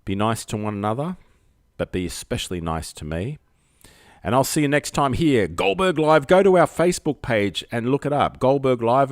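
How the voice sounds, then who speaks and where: A man's voice: medium pitch, dry recording, clean studio sound. A man with an Australian accent hosting a casual live-streamed call-in show, rambling and joking at his own expense, speaking outdoors at night under spotlights. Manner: rambling, jokey, self-mocking banter.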